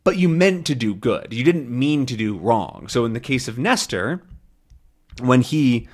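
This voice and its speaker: A man's voice: mid-range voice, lively intonation. A man, an English teacher, patiently explaining a comic story to learners. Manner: slow, patient, clear explaining.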